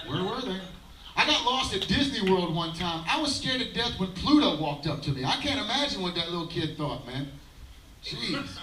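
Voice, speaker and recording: A man, doing a rambling, self-mocking stand-up set with halting fillers at an outdoor daytime show. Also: sits high, background noise. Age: 30s. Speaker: stand-up comedian. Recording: roomy live sound from a distance.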